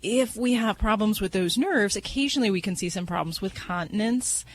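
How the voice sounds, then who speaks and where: A woman veterinarian giving relaxed, folksy advice on a call-in radio show, slow and full of fillers. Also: medium pitch, slight background noise. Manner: folksy, explains slowly with fillers. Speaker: veterinarian guest.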